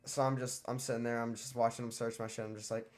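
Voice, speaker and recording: A man's voice: medium pitch, flat delivery, fast. A teenage boy streamer telling a story casually, profane and rambling with lots of fillers. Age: teens.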